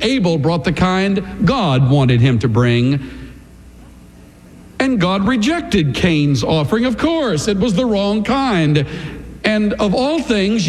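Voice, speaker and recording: A male pastor delivering a sermon, preaching dramatically with sweeping swings of pitch and emphatic pauses. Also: long reverb tail.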